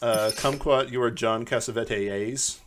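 A man's voice: medium pitch, steady tone, unhurried, fairly bright tone. A man co-hosting a comedy podcast, handing out roles in a rambling, self-mocking way. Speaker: podcast co-host assigning parts. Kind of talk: casual chat.

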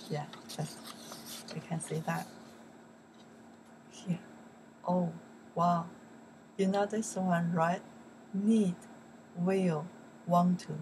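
A woman teaching vocabulary, who says words loud and slow and drops into soft, quick English asides. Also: on the low side, fairly even intonation, slight background noise. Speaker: Chinese teacher. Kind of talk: language lesson.

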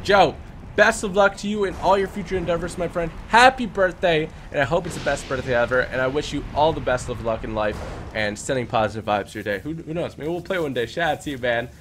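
A young man hosting a game live stream, chatting casually and giving quick, upbeat shout-outs with some stumbles. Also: fairly high pitch, slight background noise. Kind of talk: casual live-stream chat, reading out super chats.

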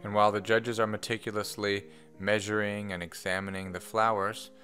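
A man's voice: on the low side, level tone, brisk, pushed and bright, soft background music. A man hosting a casual plant vlog, talking in a friendly, conversational way with the odd "uh". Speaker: vlog host. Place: botanical garden greenhouse.

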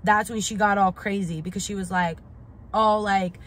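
A young woman recounts a storytime tale to her viewers with blunt, profane candor. Her voice sits in a middle pitch, and she keeps circling back with "like" and "literally." She sounds indignant and incredulous throughout. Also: steady tone, normal speed, slight background noise. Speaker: vlogger. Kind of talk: storytime vlog.

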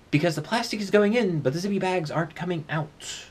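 A man's voice: high-pitched, fairly quick, husky. A man vlogging in a rambling, chatty way, holding the camera and talking into its built-in mic. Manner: rambling and chatty, with many "uh" and "I mean" asides. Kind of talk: casual solo vlog. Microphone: handheld camera's built-in mic.

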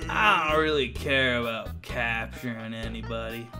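A man's voice: mid-range voice, measured pace, over music, voice pushed down, close to an everyday voice. A man voicing a laid-back slacker skeleton with a drawling stoner voice, reading game dialogue.

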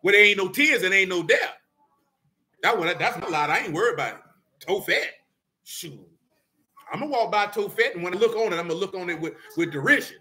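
A man leading a Bible study in a folksy, animated preaching style, quizzing his listeners and calling them "boy" and "man". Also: high-pitched, fairly quick.

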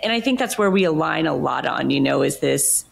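A woman hosting an interview podcast, a coach herself, agreeing warmly in casual talk and backing her guest with frequent affirmations. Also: sits low, lively intonation, a little fast, gravelly, husky. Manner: affirming, supportive, frequent "mm-hmm" backchannels.

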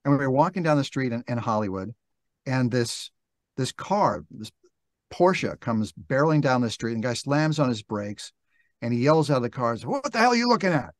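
An older man, a guest on an interview podcast, telling stories in a reflective, halting way and acting out quoted dialogue. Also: mid-range voice, expressive, no room sound, studio quality. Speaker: interview guest, narrator and actor. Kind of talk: relaxed storytelling interview talk. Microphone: podcast microphone.

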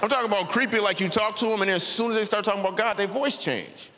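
A man's voice: sits high, lively intonation, very fast, noisy background. A man in his thirties doing a stand-up comedy set in a church, telling a story and acting out the voices. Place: large church auditorium. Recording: reverberant hall, faint ambience.

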